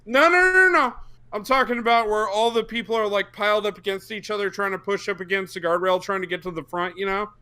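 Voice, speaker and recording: A young man telling a profane, excitable story on a casual podcast, bursting into shouts for the quoted parts. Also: high voice, fast talker, few pauses, smooth. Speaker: podcast co-host.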